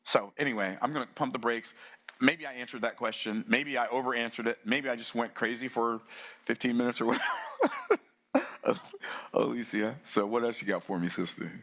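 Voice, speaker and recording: A man, giving a fiery motivational talk that surges between low, intense stretches and excited outbursts. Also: fast talker. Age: 60s. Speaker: summit speaker.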